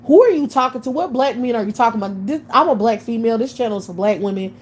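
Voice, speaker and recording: A woman's voice: fairly high pitch, lively intonation, quick pace, slight background noise. A woman hosting a livestream, ranting to her chat in a combative, profane way, firing off rhetorical questions and restarting words when heated.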